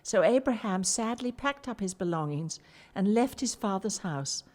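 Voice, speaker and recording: Woman storyteller, very lively pitch, long reverb. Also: normal speed. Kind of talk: storybook reading aloud.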